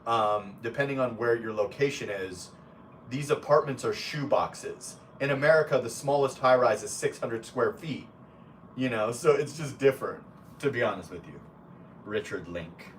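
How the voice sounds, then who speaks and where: A man's voice: medium pitch, normal speed, far from the mic, a little hiss or hum. A man live streaming in a casual way, reading chat comments aloud and talking bluntly with plenty of swearing and rambling asides.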